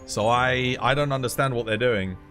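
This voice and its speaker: A man's voice: mid-range voice, normal speed, a bit bright, faint music behind. A man chatting casually on a live game stream, rambling and repeating himself as he grumbles.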